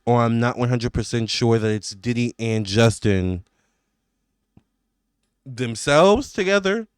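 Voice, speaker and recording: A man with a smooth, resonant mid-pitched voice talks through a tarot reading for his audience. He rambles, restarts his sentences and leans on fillers, sounding emphatic and indignant. The sound is dry and close. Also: no room sound. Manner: rambling, filler-heavy talk with many restarts. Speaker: tarot reader. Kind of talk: casual psychic tarot reading to camera.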